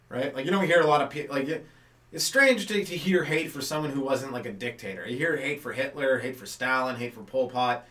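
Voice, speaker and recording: A man's voice: medium pitch, fairly bright tone, recorded from a distance. A man doing a loose, rambling stand-up monologue as a comedy podcast host, full of fillers and asides. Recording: echoey room, voice off the mic.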